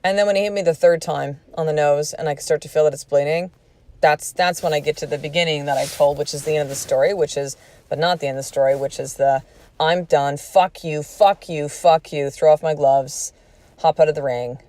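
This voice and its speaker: A woman's voice: deep voice, fairly even intonation, fast, a little mellow, no room sound. A woman in her forties hosting a podcast, telling a personal story in a candid, emphatic way and swearing freely. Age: 40s. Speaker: podcast host.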